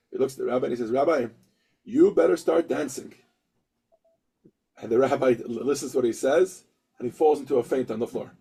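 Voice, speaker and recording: A man's voice: mid-range voice, gravelly, a little mellow, slightly rough, rough recording. A man teaching a lesson, telling a story and acting out the characters with many restarts.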